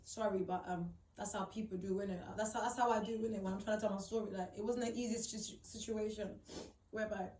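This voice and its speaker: In a roomy recording with a distant mic and slight background noise, a young woman tells her painful story, tearful and upset, rambling, repeating herself and using emphatic slang. Her mid-range voice is a little mellow, steady in tone and quick.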